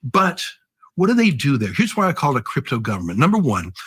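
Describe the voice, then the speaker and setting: A man's voice: mid-range voice, wildly swooping pitch, fast talker, a bit bright, slightly rough. A man being interviewed, making emphatic points and laying out arguments one by one. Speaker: interview guest, media commentator. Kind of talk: interview conversation.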